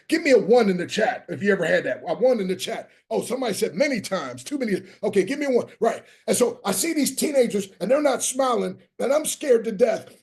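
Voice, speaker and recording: Gravelly high-voiced man preaching motivation. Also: darkish tone. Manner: emphatic, repeats key lines, calls out to the chat. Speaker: motivational speaker. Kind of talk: motivational speech to a live online audience.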